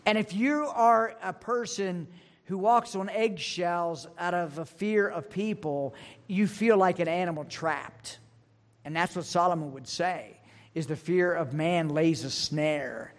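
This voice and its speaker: A male pastor with a fairly high voice preaches earnestly, leaning on personal stories and repeating his main points. His words ring out with a long reverb, as from a large church sanctuary. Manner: earnest storytelling, repeats key lines. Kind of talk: sermon.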